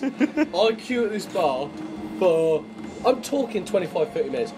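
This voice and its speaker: Brief: chatty band member, high and swooping voice, laughing as he spins a yarn, noisy street behind. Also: a little slow. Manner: animated, laughing, swearing freely. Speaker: band member, bass player. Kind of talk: casual storytelling. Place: outdoor alley outside a venue. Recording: noisy outdoor street recording.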